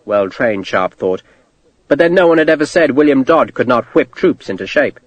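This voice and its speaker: A man narrating a historical war novel as an audiobook, with an expressive storytelling delivery. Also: mid-range voice, normal speed, no echo, highs cut off. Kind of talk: scripted narration.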